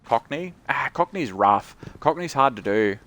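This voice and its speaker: Low-voiced streamer, chatty. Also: male voice, steady tone, normal speed. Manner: chatty, sweary, talks about accents. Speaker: game streamer. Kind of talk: casual stream chat.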